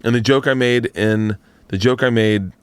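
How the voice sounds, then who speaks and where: A man's voice: mid-range voice, normal speed, clean tone, dry recording. A man telling a rambling comedy story as a podcast guest, acting out the other people's voices. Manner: animated, rambling, acts out voices in anecdotes.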